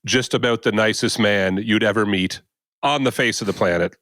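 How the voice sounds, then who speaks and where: A man's voice: fairly low pitch, normal speed, a bit bright, no echo. A man from New Brunswick with a local accent, a teacher, joking around on a casual podcast. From New Brunswick, Canada. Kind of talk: casual chat.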